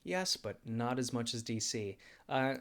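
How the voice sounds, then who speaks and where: Young male streamer, casual Q&A, mid-pitched voice, rambling, jokey, filler-heavy. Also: expressive, measured pace. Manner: rambling and self-deprecating, with frequent laughs and fillers. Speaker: channel host. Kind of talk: casual livestream Q&A chat.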